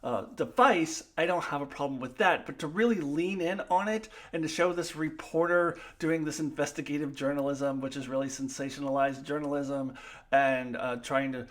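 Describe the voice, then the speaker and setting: A woman giving a solo review of a TV episode, opinionated and emphatic, with frequent fillers and restarts as she thinks out loud. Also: sits low, normal speed. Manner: opinionated, emphatic, gets loud when annoyed.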